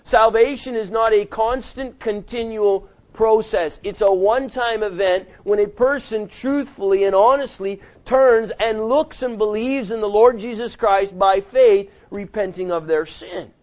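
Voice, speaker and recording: A man preaching a sermon, swinging between loud rises and quiet drops and acting out quoted voices. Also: high voice, unhurried, few pauses. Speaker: pastor. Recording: dull lo-fi sound.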